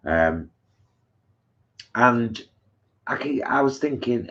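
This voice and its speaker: A man chats on a live stream, wandering through stories in a relaxed, talkative way. The sound is muffled and lo-fi. He is a co-host, not a presenter reading a script. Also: low voice, measured pace, long pauses. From England. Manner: chatty, storytelling. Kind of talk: casual live-stream chat. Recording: dull lo-fi sound.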